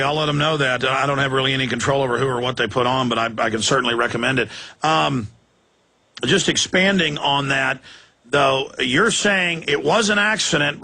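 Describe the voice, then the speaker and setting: Heated, bright-voiced talk radio host. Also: male voice, fairly high pitch. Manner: fast, heated, sarcastic ranting.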